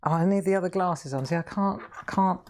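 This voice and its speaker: A woman's voice: fairly low pitch, brisk, a little mellow, a little hiss or hum. A middle-aged woman chatting casually to viewers while crafting live, laughing often. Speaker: craft livestream host.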